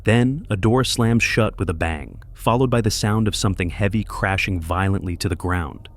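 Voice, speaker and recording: A man with a low voice narrates a suspense story in a measured, dramatic way. His delivery is scripted and builds tension.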